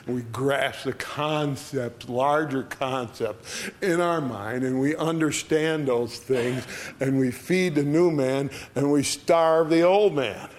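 A man's voice: medium pitch, slight background noise. A man teaching an adult Bible study in a folksy, conversational way, often checking in with the class.

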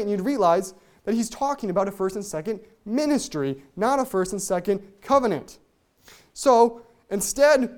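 Bible teacher, explanatory, asks rhetorical questions, reads old-style scripture aloud, mid-pitched voice. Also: darkish tone. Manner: reads scripture aloud in King James wording.

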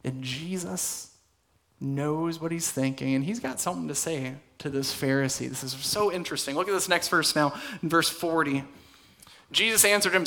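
Guy preaching a sermon in a church, bright tone, kinda high voice, chatty then goes soft and serious. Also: moderate pace. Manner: conversational preaching, drops to soft intense tones for emphasis. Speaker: pastor. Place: church hall.

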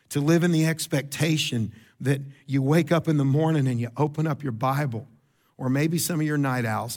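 A middle-aged male pastor, preaching in a mid-pitched voice. He talks to the congregation as if chatting, restarts phrases, and pushes his voice up for emphasis. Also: darkish tone. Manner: conversational, repeats words, quick asides to the congregation; rises in pitch and volume for emphasis. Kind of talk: sermon.

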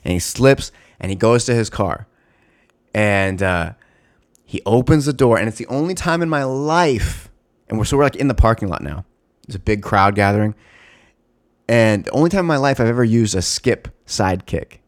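A man telling a story in casual, animated talk, heavy on swearing, fillers and restarts. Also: fairly low pitch, normal speed. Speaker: former store security guard.

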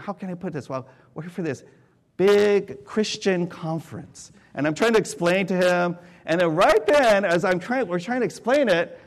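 A man from California preaching, telling a story in an animated way, swinging from loud excited bursts to quiet hushed tones. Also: high-pitched. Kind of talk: sermon storytelling.

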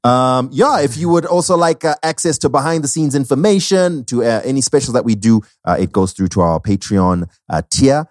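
A man's voice: mid-range voice, normal speed, hardly any pauses, no echo, clean studio sound. A man co-hosting a podcast, wrapping up the episode with playful plugs and jokes. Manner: playful, lively, joking. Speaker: podcast co-host.

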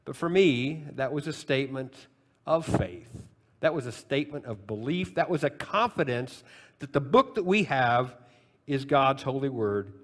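An older man in his sixties delivers a sermon, speaking directly to the congregation as though in conversation. His voice climbs high and loud on key phrases, then sinks low and soft on asides. The delivery moves between storytelling and urgent emphasis. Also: long reverb tail. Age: 60s. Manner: conversational preaching with wide swings in pitch and loudness. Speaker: pastor.

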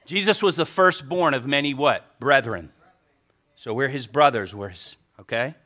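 A man preaching a sermon as pastor, animated and joking with the congregation. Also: medium pitch, normal speed.

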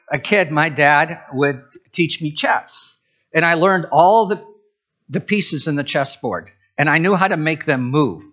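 A man's voice: high voice, a bit bright, muffled recording. A man preaching as a pastor, conversational, with asides and restarts. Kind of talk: sermon.

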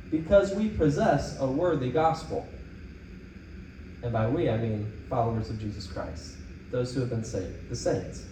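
Man, pastor, animated sermon, echoey sanctuary, light background hiss. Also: high voice. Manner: animated preaching, emphatic quoted asides. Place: church sanctuary. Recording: echoey room, distant mic, faint noise.

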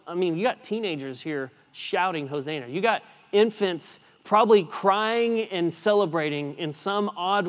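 A male pastor preaching a sermon, swinging between hushed and emphatic lines, with casual asides. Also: fairly high pitch. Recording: long hall reverb.

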